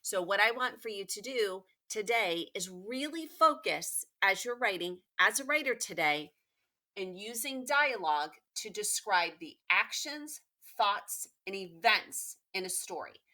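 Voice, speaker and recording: Woman teacher, recorded lesson for kids, bright, emphatic, repeats key points. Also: medium pitch, animated, measured pace. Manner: emphatic, repetitive, encouraging. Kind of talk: recorded remote lesson for pupils.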